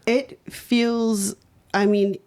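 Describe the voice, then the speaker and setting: A young woman, a singer and new mother, talking as a podcast guest in a soft, open, reflective way. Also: fairly high pitch, level tone, drawn-out words. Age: young adult. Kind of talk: casual interview chat.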